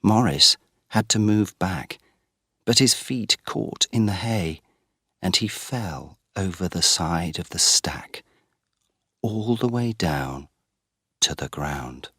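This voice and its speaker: Slow, deep-voiced male storyteller. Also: animated, bright, forceful tone, no echo, studio quality. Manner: slow and clear for learners. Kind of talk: graded-reader story narration.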